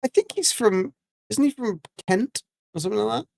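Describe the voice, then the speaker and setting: A man's voice: high voice, animated, a little fast, creaky, darkish tone, dry recording. A man chatting casually on a gaming livestream, rambling with many ums and restarts. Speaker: livestreaming gamer.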